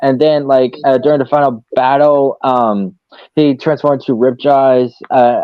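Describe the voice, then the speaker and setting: A man's voice: medium pitch, a little slow, dry recording, dull audio. Man hosting a casual fan chat. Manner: relaxed, hesitant with many fillers. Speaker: stream host.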